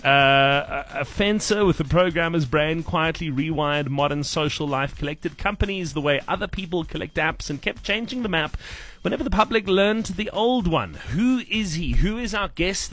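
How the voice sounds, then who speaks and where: A man hosting a breakfast radio show, running a guess-the-celebrity game in an energetic, playful, teasing way. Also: a little high. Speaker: radio host.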